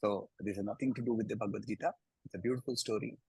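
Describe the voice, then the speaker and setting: A man with an Indian English accent teaching a scripture class, chanting verses slowly and then explaining them with lively emphasis. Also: lowish voice, slightly rough, no room sound, poor audio. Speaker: Gita teacher.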